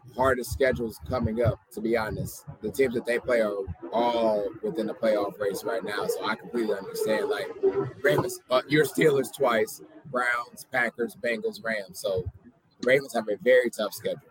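A man's voice: on the low side, fairly even intonation, normal speed, low-quality recording. A man co-hosting a sports podcast, walking through a team's schedule in an earnest, repetitive way. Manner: earnest, repeats points for stress. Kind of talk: casual sports chat. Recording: faint background noise.

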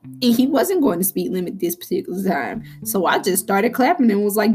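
Animated, laughing woman podcaster. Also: mid-range voice, brisk, faint music behind. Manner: animated, laughs often, exclaims. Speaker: podcast host. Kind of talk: casual monologue to listeners.

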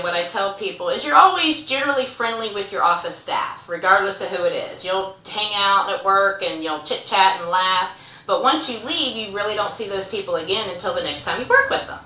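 Animated woman telling work stories. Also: medium pitch, reverberant, low-quality recording. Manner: animated storyteller, acts out quotes. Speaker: urgent care center administrator, guest. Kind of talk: casual interview chat.

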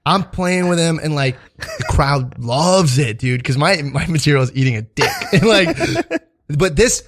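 A man's voice: on the high side, lively intonation, a little slow. A young man, a stand-up comic, telling a rambling, profanity-laden story in casual podcast chat, full of fillers and restarts. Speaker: stand-up comedian and podcast host.

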